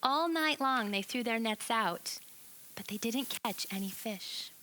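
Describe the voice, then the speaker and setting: A woman telling a Bible story to children as a church lesson, animated and expressive, asking her listeners questions. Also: fairly high pitch, unhurried. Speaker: children's ministry teacher.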